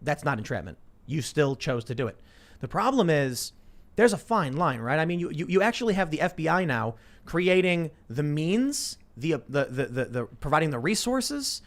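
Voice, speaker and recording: A man in his thirties hosts a casual political talk podcast, reading news aloud and then riffing on it with lots of restarts. He's animated, with a slightly high voice and normal speed.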